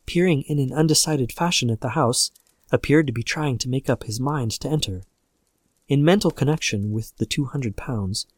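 A man narrating a classic horror story in a measured reading voice. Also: medium pitch, no echo, clean studio sound. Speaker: podcast narrator.

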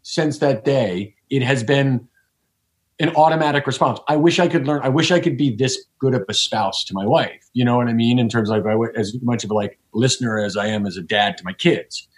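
A man in the middle of an easygoing podcast conversation, thinking aloud as he goes. His voice sits at an ordinary pitch, and he keeps circling back, restarting and rephrasing as he reaches for what he means. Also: a little fast. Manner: rambling, reflective, many restarts. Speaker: podcast guest. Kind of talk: casual conversation.

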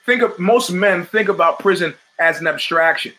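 A middle-aged podcast host delivers an opinionated monologue at a moderate pace, his voice forceful, bright-edged, and pitched slightly higher than most men's. His style is emphatic and rhetorical, full of fired-off questions and repeated phrases that hammer his points home.

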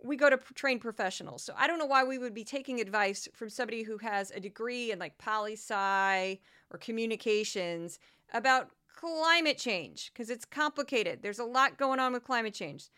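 A woman hosting a political commentary podcast, talking in an animated, indignant way and rattling off long lists with ums and uhs. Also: fairly high pitch, normal speed, clean tone. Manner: animated, gets worked up and indignant. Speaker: podcast host.

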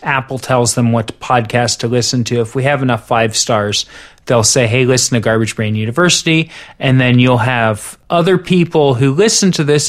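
A man co-hosting a podcast, chatting casually with a dry, joking delivery. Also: medium pitch. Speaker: podcast co-host.

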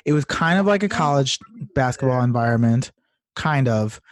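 A man's voice: mid-range voice, lively intonation, normal speed. A man co-hosting a podcast, posing questions and pushing his picks in an emphatic, profane way. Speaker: podcast co-host. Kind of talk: casual chat.

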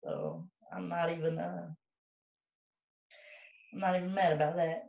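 A woman co-hosting a podcast in casual chat, profane and animated, often breaking into laughter. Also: on the low side, measured pace, vocal fry. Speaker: podcast co-host. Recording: roomy, distant, dull sound.

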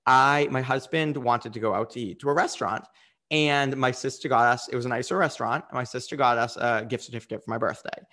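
A man's voice: mid-range voice, fast talker, pushed and bright. A man speaking as a coach in a candid interview, earnest and reflective, with frequent fillers.

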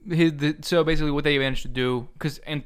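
A man's voice: a little high, steady tone, quick pace, clear, resonant tone. A man co-hosting a podcast in casual chat, with dry, wry remarks. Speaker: podcast co-host.

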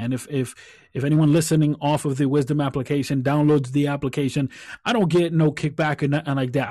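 A man's voice: on the high side, a little mellow, no echo, studio quality. A man hosting a solo podcast, talking earnestly and reflectively, often repeating phrases as he thinks aloud. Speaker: podcast host.

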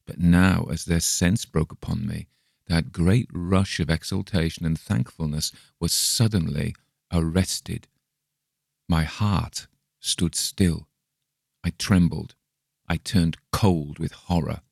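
Deep gravelly male audiobook narrator. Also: steady tone, a little mellow, no room sound, clean studio sound. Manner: measured, dramatic storytelling. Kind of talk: scripted narration of a classic story.

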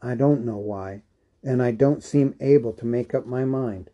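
A man reading aloud and voicing an elderly male hobbit, fussy and excitable, with a brisk, fretful manner. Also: medium pitch, muffled recording, close to an everyday voice. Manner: brisk, fretful, then gleeful. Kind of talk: audiobook character reading.

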